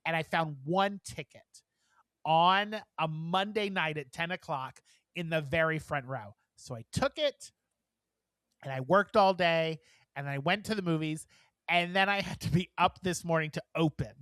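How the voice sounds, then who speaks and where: A tired man co-hosting a casual podcast, rambling and giggling through his stories. His voice is bright and lively. It is recorded close and dry. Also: on the high side, normal speed, no echo. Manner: chatty and giggly, rambling with many fillers. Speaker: podcast co-host. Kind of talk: casual chat.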